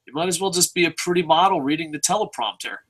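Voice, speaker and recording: A man's voice: fairly high pitch, quick pace, fairly bright tone. A man co-hosting a casual chat show, ranting with heavy profanity. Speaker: podcast co-host.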